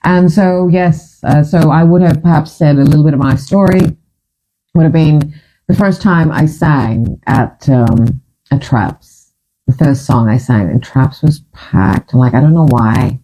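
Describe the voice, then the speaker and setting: A woman's voice: low voice, unhurried, a little hiss or hum, rough recording. A middle-aged woman, a singer telling stories from her past in a casual monologue, laughing often and acting out what people said. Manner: animated, laughs often, acts out quoted voices. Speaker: singer and storyteller.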